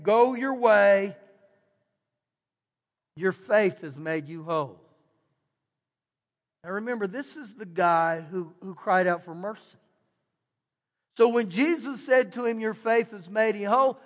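High-voiced pastor preaching in a reverberant church. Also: male voice, expressive, measured pace, long pauses, a bit bright. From Texas, USA. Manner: conversational preaching, acts out quoted voices. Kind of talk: sermon. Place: church sanctuary.

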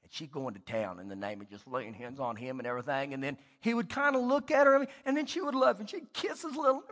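A middle-aged man preaching a sermon as pastor, telling stories and swinging between loud and hushed delivery. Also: a little high, quick pace, big-room sound.

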